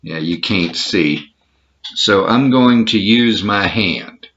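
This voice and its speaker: Man, Texan accent, deep voice, unhurried, meandering home vlog, muffled lo-fi sound. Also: fairly bright tone, slight background noise. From Texas. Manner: easygoing, self-deprecating, meandering. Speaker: home video maker. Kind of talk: casual show-and-tell vlog. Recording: dull lo-fi home recording.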